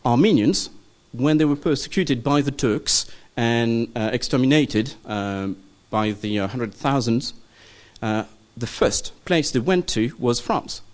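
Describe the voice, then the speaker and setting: A man leads a Bible study class at a middle pitch, talking loosely and off the cuff. He hesitates often, filling gaps with ums and a questioning "okay?" as he explains the text to his listeners. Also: lively intonation, a little slow. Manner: hesitant, many ums and checking okays. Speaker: teacher of a church study group. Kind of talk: informal classroom lecture.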